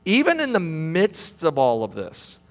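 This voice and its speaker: A man preaching a sermon from a pulpit. He swings between loud, high exclamations and low, quiet passages, and he repeats phrases. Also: huge pitch swings, unhurried. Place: church sanctuary. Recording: long hall reverb.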